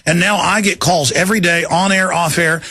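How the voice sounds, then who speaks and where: Radio host guy ranting mad, bright husky voice, dry sound. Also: high voice, steady tone, moderate pace, dry recording. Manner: angry, emphatic, rising to shouts. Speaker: radio talk show host. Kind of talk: ranting talk radio monologue.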